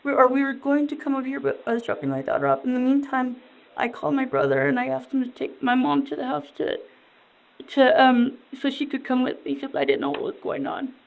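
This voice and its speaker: Woman, high-pitched, gravelly, distraught, dazed, halting and rambling, police interview. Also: sing-song, rough recording. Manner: halting, rambling, repeats herself.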